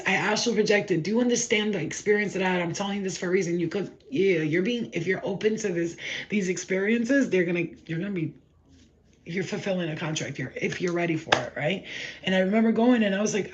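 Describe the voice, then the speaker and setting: A woman with a medium-pitched voice gives a live spiritual tarot reading at a quick pace. She rambles excitedly, swears casually, and acts out her stories.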